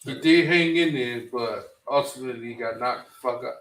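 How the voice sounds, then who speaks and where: A man's voice: medium pitch, fairly bright tone, distant mic. Laid-back man, off-mic in a roomy space. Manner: laid-back, slangy, halting restarts. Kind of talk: casual chat.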